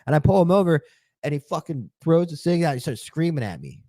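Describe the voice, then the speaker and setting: A man's voice: on the high side, big pitch swings, a little fast, dark tone, dry recording. A man who is a police officer, talking in a casual chat on a podcast in a heated, profane, emphatic way.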